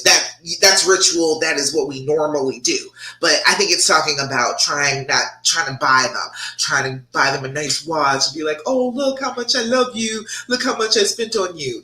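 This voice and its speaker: A woman's voice: low-pitched, pushed and bright. A woman love coach giving frank, sassy relationship advice on a livestream and answering viewer comments. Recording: echoey room.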